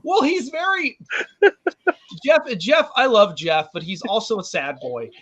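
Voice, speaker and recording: A bubbly man joins a casual chat over a video call, his voice high and lively as he laughs between thoughts. The call audio comes through dull and muffled. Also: a little slow. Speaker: guest comic artist.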